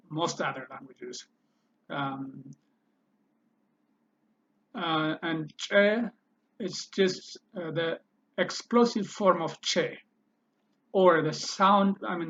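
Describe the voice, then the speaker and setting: Slow patient teacher, man, drills each word over and over, slightly dull lo-fi sound. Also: on the high side, fairly bright tone. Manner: slow, repeats each word several times, thinks aloud with fillers. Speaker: language teacher. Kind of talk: slow spoken language lesson.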